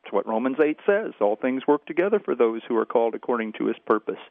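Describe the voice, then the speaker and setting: Pastor guy on phone-in radio, calm preachy tone, thin phone sound. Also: mid-range voice, fast, gravelly, no room sound. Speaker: pastor and guest. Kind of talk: radio interview over the phone. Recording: tinny phone line.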